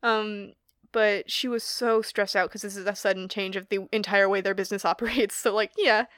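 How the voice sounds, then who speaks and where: A woman's voice: medium pitch, steady tone, brisk, a bit bright, dry recording. Chatty young woman with a dry close sound. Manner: chatty, rambling, laughs often, many fillers. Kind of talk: casual chat.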